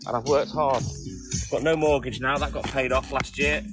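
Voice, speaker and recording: A man's voice: medium pitch, fairly even intonation, moderate pace. A man in his fifties, a milkman chatting casually on a phone live stream and greeting viewers by name. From England. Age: 50s. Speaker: milkman livestreaming. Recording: music playing behind.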